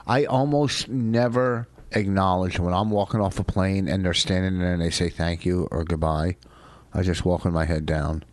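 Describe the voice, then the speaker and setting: A man's voice: deep voice, fairly even intonation, moderate pace, no room sound. A man in casual chat who rants grumpily and swears. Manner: grumpy ranting, profane.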